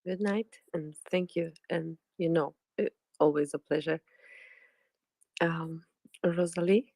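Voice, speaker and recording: A woman's voice: lowish voice, steady tone, slow, a little mellow, no echo. A woman moderating a casual audio room, hesitant with many uhs and ums.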